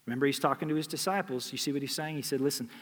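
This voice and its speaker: A man's voice: a little high, racing, fairly bright tone. A man preaching a sermon who retells a story and keeps asking the listeners rhetorical questions. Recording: long hall reverb.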